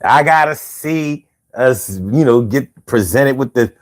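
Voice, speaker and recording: Speaking slowly and expressively in a mid-range voice, a man hosts a laid-back livestream, reading out chat and chatting with viewers. Bongos he plays himself and faint music sit underneath his slangy, profane, rambling talk, which repeats a lot.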